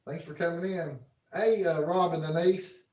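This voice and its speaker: A man live streams from his home kitchen, chatting casually, reading viewer comments aloud in a folksy way, and talking to his dog. His voice is fairly high, steady, darkish, and at normal speed, captured on a phone from a distance in a roomy space.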